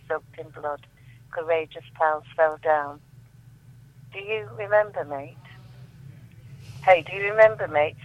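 A woman's voice: low-pitched, dry recording. Woman reciting poetry over a phone. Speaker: guest poet. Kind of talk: reading her own poetry aloud. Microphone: telephone. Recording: tinny dry phone line.

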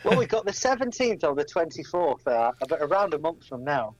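A man's voice: a little high, very animated, a little fast, no echo, dull audio. A man who is a regular guest on a radio show, chatting casually and telling anecdotes.

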